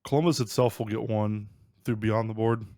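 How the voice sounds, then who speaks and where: A man's voice: on the low side, steady tone, moderate pace, mellow, no echo, studio quality. A young man with an Ohio accent co-hosting a podcast, chatting in a rambling, upbeat way with plenty of fillers. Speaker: podcast co-host. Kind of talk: casual podcast chat.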